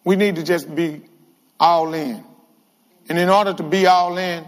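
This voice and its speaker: Man, lively humorous sermon, high voice, long hall reverb. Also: normal speed. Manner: animated, humorous, calls out to the congregation. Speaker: guest preacher. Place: church sanctuary with reverb.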